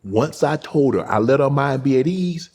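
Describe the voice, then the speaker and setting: A man hosting a casual talk show, telling a family story, his voice dropping quiet at times. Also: medium pitch, expressive, moderate pace, husky. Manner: soft, storytelling, drops quiet when emotional. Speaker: host. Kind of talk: casual interview chat.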